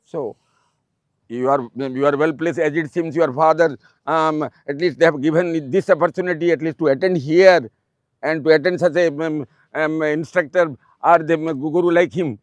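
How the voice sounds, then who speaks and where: A man in his eighties with an Odia accent, a retired principal giving a fatherly, repetitive motivational speech to students, pausing often with um. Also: fairly high pitch, fairly even intonation, dry recording. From Odisha, India. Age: 80s.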